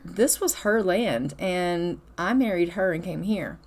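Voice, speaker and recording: A woman voices a calm, reasonable game father who explains things patiently. She keeps it close to her own everyday voice. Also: on the low side, a little slow.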